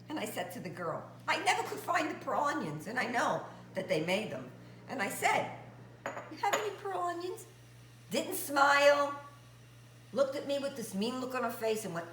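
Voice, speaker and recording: A woman's voice: medium pitch, fairly bright tone, slight background noise. A woman hosting a cooking show, chatting her way through each step in her kitchen and humming to herself. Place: home kitchen. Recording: echoey kitchen with frying sounds.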